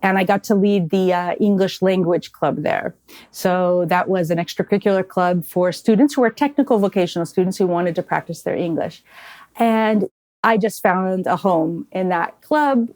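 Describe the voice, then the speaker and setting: A woman's voice: lowish voice, no echo. A middle-aged woman, a nonprofit head, telling stories in a podcast interview and acting out the voices of people she quotes, laughing now and then. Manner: animated storyteller who acts out quoted voices with laughter. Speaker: nonprofit CEO, guest. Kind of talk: conversational interview storytelling.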